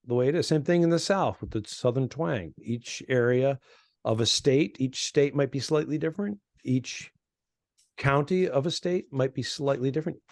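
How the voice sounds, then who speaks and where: Podcast co-host, male, rambling storyteller, mid pitch, dry close sound. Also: moderate pace, a little mellow, no echo. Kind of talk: casual comedy podcast chat.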